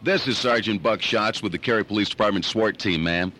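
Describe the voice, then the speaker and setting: A man voicing a stiff, deadpan male police sergeant who keeps saying ma'am in a prank phone call. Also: lowish voice, fairly quick, slight background noise. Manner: deadpan, formal, ends lines with ma'am. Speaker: prank caller.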